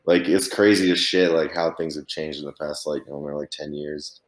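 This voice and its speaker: Deep-voiced young man, rambling casual chat. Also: steady tone, a little fast, roomy sound. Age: 20s. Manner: rambling, heavy use of "like" and swearing. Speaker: podcast host.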